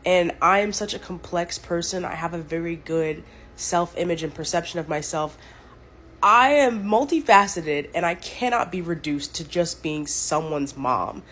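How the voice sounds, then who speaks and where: Woman, earnest and articulate, lowish voice, faint background hum. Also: moderate pace, fairly bright tone. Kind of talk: casual talk to camera.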